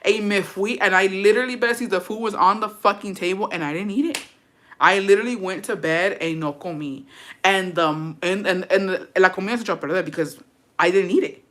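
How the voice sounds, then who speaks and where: Young woman, bright tone, profane and animated casual storyteller who mixes in Spanish. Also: medium pitch, brisk.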